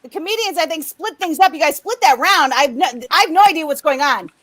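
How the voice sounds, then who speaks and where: Very high-pitched lady host, brash and sweary, on a video call. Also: animated, a bit bright, no room sound. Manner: brash, swears freely, fast riffing. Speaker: game show host. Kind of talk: live comedy show hosting.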